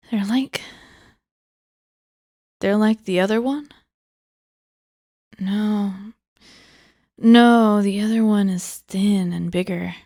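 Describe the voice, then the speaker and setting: A woman giving a cold reading of a book aloud, often dropping into a hushed whisper. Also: medium pitch, no echo, studio quality. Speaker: audiobook reader.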